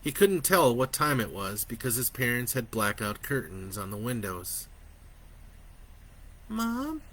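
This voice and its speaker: A man narrating his own horror story in a slow, expressive way that builds in intensity. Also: mid-range voice.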